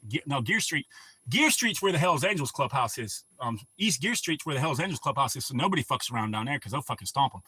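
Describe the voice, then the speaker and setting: A man's voice: medium pitch, expressive, quick pace, bright, forceful tone, slightly rough, dry recording. A man hosting a casual livestream, telling rambling, profane stories and laughing at his own jokes. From North Carolina. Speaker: livestream host.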